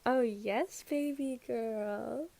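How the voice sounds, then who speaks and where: A woman's voice: mid-range voice, fairly even intonation, slow, warm tone. A woman voicing a pushy but affectionate young man who coos and coaxes, in a podfic reading. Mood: cooing.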